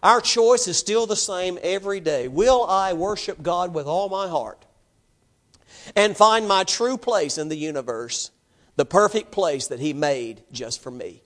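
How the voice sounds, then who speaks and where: High-voiced preacher giving an emphatic sermon. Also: male voice, a bit bright. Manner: emphatic, rhetorical questions to the congregation. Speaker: pastor.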